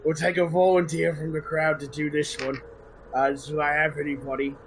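A man's voice: a little high, flat delivery, normal speed, a little hiss or hum, voice pushed up, natural voice, poor audio. A man doing a showy executioner. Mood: mocking. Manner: theatrical, proclaiming to a crowd. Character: grandstanding male executioner at a public hanging.

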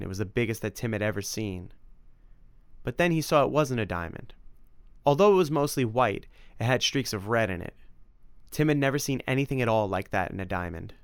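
A man's voice: lowish voice, clear, resonant tone, no room sound. Brief: man reading a fantasy adventure novel, clean resonant voice, dry close mic. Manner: even, storytelling. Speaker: audiobook narrator. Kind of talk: scripted narration.

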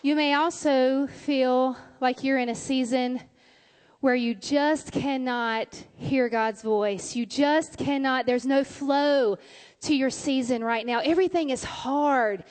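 A woman pastor is preaching in a church sanctuary. Her voice is high and her pace is slow and measured. She sounds soft and consoling. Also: smooth. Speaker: women's pastor. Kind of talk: sermon.

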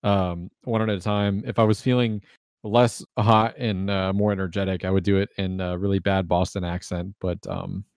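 A man's voice: low-pitched, flat delivery, moderate pace, a little mellow, dry recording, clean studio sound. A man hosting a casual podcast chat, talking in a loose, rambling way as he thinks aloud. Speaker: podcast host.

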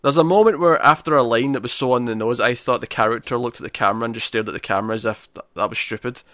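Co-hosting a casual podcast chat where movies get ranked, this man talks fast and enthusiastically in a medium-pitched, fairly bright voice. He laughs often and keeps restarting his sentences, and the recording is dry with clean studio sound.

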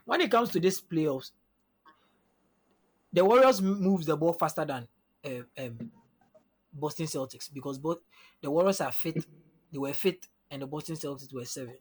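A man with a husky, somewhat raised voice gives a long analytical breakdown on a casual sports podcast. He walks through numbers and matchups in order and keeps checking whether his listeners are with him. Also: a little high, expressive, normal speed, long pauses. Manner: analytical, often asks "you understand?".

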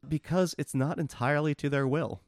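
A man's voice: fairly high pitch, a little fast, no room sound, studio quality. A man co-hosting a podcast, casually and wryly explaining the plots of obscure films. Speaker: podcast co-host. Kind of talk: casual movie discussion.

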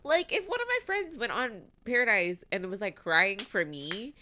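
A woman's voice: medium pitch, sing-song, moderate pace, bright, forceful tone, a little hiss or hum. A woman co-hosting a podcast, chatting casually and gossiping, laughing often. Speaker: podcast co-host. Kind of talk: casual chat about a reality show.

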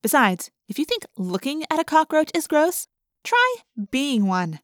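A woman narrating a first-person audiobook in a lively, expressive way, speeding up in excited passages. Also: sits high, a little slow, dry recording, clean studio sound.

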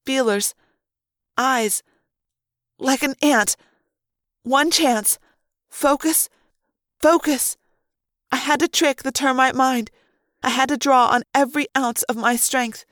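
A woman's voice: high voice, a little slow, pauses often, fairly bright tone, dry recording, clean studio sound. A woman reading a novel aloud in the first person, with tense, dramatic delivery.

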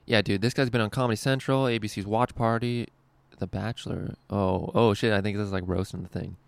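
A young man with a low, gravelly voice tells rambling road stories on his podcast, swearing freely and laughing at his own lines. The sound is close and dry, with no room around it. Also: steady tone, a little fast, no echo. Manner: rambling, profane storytelling with frequent laughs. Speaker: stand-up comedian and podcast host. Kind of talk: casual podcast chat.

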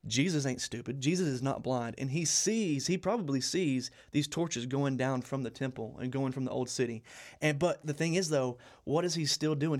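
A man's voice: medium pitch, darkish tone. A young man co-hosting a casual Bible study podcast, earnest and often repeating and restarting his phrases. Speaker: co-host.

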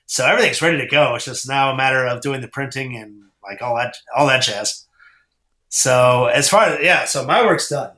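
Guy rambling on a podcast, bright voice, kinda roomy echo, lots of uh's. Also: medium pitch, normal speed. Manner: rambling storyteller, many fillers and laughs. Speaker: comic book writer. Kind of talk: casual podcast chat.

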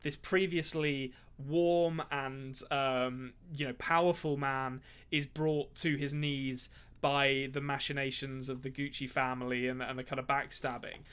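A man's voice: mid-range voice, level tone, unhurried, a bit bright, clear, resonant tone. A man co-hosting a casual movie podcast, talking animatedly and putting on voices to mock film lines. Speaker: podcast co-host.

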